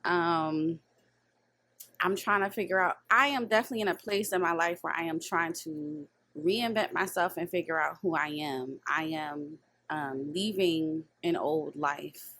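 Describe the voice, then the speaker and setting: A woman guest on a podcast in casual chat, talking in an expressive, reflective way and laughing easily. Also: low voice, moderate pace.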